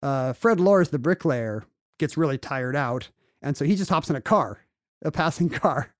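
A man's voice: a little high, animated, normal speed, no echo, clean studio sound. A man co-hosting a podcast, retelling a history story with wry jokes in casual chat. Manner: wry storyteller, puts on silly voices for quotes. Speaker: podcast co-host.

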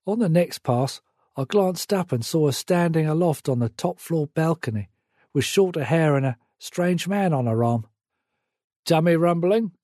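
A man narrating a memoir in a measured, reflective way. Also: fairly high pitch, lively intonation, darkish tone, dry recording, clean studio sound.

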